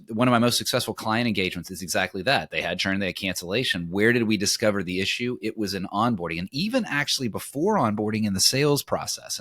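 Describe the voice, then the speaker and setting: A man hosting a podcast interview, talking with lively enthusiasm and often restarting his sentences. His voice sits a little low. It is recorded close and dry, with no room sound. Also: no echo. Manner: enthusiastic, repeats words when starting sentences. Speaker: podcast host. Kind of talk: casual interview chat.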